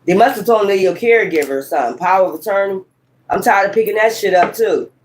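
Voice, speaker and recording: A fast-talking woman with a mid-range voice gives a casual tarot reading to camera over poor audio with slight background noise. She's blunt and fiery, swearing often, rambling emphatically, and breaking out in sudden exclamations.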